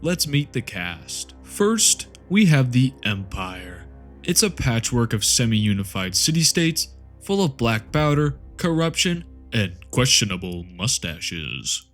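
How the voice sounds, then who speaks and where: A man's voice: medium pitch, very animated, slow, fairly bright tone. A man narrating a lore explainer in a comedic, scripted way, full of sarcastic jokey asides. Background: faint background music.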